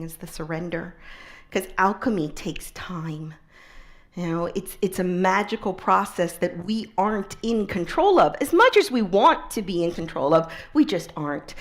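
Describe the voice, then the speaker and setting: A woman speaker tells an inspirational story to an audience. Her voice sits at an ordinary middle pitch. She is expressive and often drops to a soft, hushed tone for emphasis. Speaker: public speaker.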